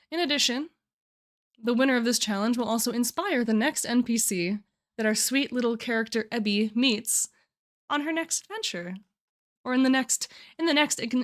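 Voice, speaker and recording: A young woman streaming live, chatting casually and giggling often as she walks through her writing challenge. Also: on the high side. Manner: chatty, giggly, restarts phrases.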